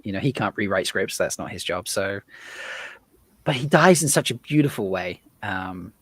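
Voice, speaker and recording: A man's voice: on the low side, lively intonation, moderate pace, breathy edge, no room sound. A man hosting a casual livestream chat, talking loosely with many fillers and asides. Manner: chatty, full of fillers. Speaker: host.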